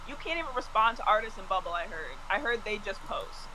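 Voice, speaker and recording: A woman co-hosting a casual chat show, excitable and filling her talk with "like". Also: medium pitch, fast, a crowd in the background, rough recording. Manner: excitable, heavy use of "like". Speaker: podcast co-host.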